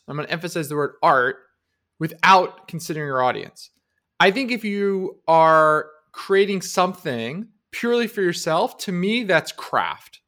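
Guy cohosting a podcast, kinda high voice, very opinionated, leans hard on his points. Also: a bit bright. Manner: opinionated, emphatic, shifts pace often. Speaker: podcast co-host. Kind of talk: conversational podcast debate.

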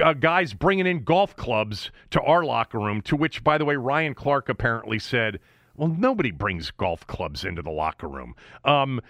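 A man co-hosting sports talk radio, ranting with a lively voice that swings up and down. He mocks and scoffs as he argues his point. The sound is close and dry, with no room echo. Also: medium pitch. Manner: animated, mocking, ranting.

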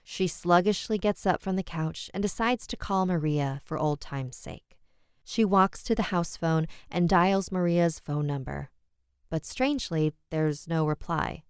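Low, smooth-voiced woman narrating horror. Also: unhurried, no echo, studio quality.

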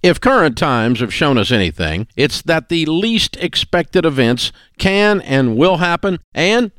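A man reads a sponsor ad in a folksy, persuasive way. His pitch moves a lot and his voice is smooth and resonant, with dry close-mic sound. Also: very animated, measured pace, a bit bright, no echo, faint music behind. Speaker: ad reader. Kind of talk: read sponsor ad.

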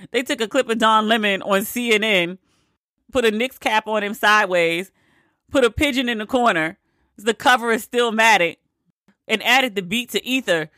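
A woman's voice: medium pitch, bright, forceful tone, no room sound, clean studio sound. Exasperated, profane woman ranting. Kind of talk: opinionated casual rant.

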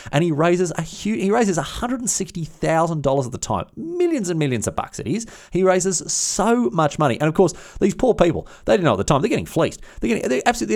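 A man's voice: on the high side, darkish tone. A man telling a history story in a casual, slangy, irreverent way, with many restarts.

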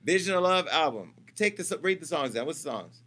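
A man's voice: fairly high pitch, sing-song, fairly quick, sharp tone. A man hosting a celebrity gossip show, talking in a brash, profane, teasing way as he chats casually and jokes with staff off camera.

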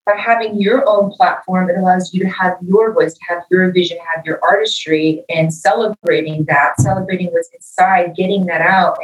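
Animated woman telling stories in a roomy echo. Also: on the low side, far from the mic. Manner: animated storyteller, acts out quoted dialogue. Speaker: guest musician. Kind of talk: casual interview talk.

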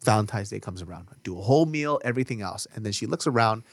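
A man in his thirties, a podcast co-host, chatting casually and telling animated stories with lots of swearing and acted-out quotes. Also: fairly low pitch, rapid-fire, no room sound, studio quality. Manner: animated storyteller, swears freely, acts out quotes. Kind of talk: casual chat.

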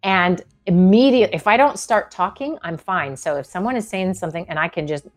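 A woman in casual podcast chat, thinking out loud and laughing often as she gives advice. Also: lowish voice, brisk, soft background music. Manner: thoughtful, rambling, laughs often.

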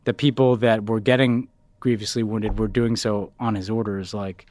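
A man co-hosting a political podcast in casual chat, rambling, saying "like" a lot and trailing off quieter at the ends of his thoughts. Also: on the low side, level tone, moderate pace, dry recording. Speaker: podcast co-host.

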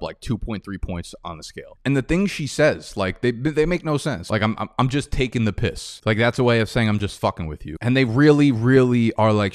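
A young man with a New York or New Jersey accent giving casual, animated fantasy football analysis, talking quickly and rambling with fillers. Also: mid-range voice, no echo, clean studio sound. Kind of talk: casual sports podcast analysis.

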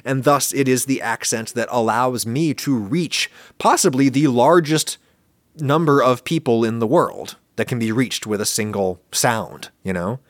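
A man's voice: medium pitch, a little slow, no room sound, clean studio sound. An American man hosting a podcast, answering listener questions in a wry, opinionated, emphatic monologue. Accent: General American. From United States. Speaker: podcast host.

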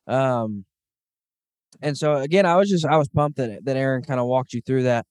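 A man's voice: medium pitch, moderate pace, darkish tone, clear, resonant tone, no room sound, clean studio sound. A man in his thirties hosting a casual podcast, talking earnestly and enthusiastically with frequent "um"s. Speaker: podcast host. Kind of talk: casual hunting podcast chat.

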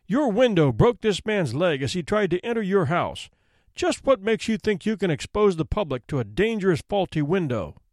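A hot-tempered old judge bellows demands and blame in a lively, swooping voice, as a male storyteller acts him out. The sound is close and dry, with no room around it. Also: sits high, normal speed, dry recording. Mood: stern. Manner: barking, roaring commands.

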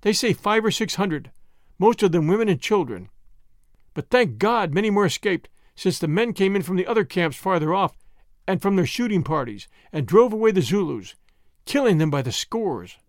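A gentle young woman in mourning tells her story quietly and earnestly, as a man reading an audiobook gives her voice. The voice sits high and bright. The recording is close and dry. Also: animated, normal speed, dry recording.

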